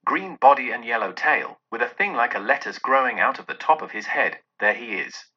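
An old miser, giddy and tearful, his voice swinging from laughter toward crying, as a man reading the tale puts him on. The husky voice leaps up and down in pitch. The recording is dull and lo-fi. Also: normal speed. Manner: excited, breaking between laughing and crying. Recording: dull lo-fi audio.

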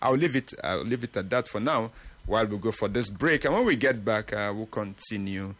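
A man's voice: fairly low pitch, expressive, brisk, a bit bright. A middle-aged man, hosting a morning radio talk show in an earnest, emphatic way. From Nigeria. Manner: earnest, emphatic, with occasional laughs. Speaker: radio host.

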